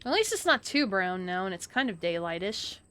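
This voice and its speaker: A young adult woman streaming a game live, chatting and muttering to herself with sudden high outbursts. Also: big pitch swings, brisk, sharp tone. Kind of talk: live gameplay commentary.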